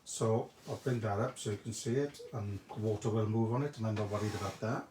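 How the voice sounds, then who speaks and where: A man's voice: lowish voice, a little fast. A chatty man hosts a live craft demonstration, greeting viewers by name as he walks through each step. His voice rings around a roomy, echoey indoor space. Faint background noise sits underneath. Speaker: craft shop host demonstrating a technique.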